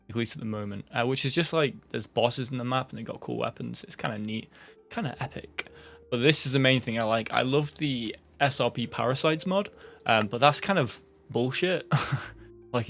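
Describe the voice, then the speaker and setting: A man's voice: medium pitch, creaky, fairly bright tone. A man giving casual, rambling gameplay commentary, his words running together, full of fillers and swearing.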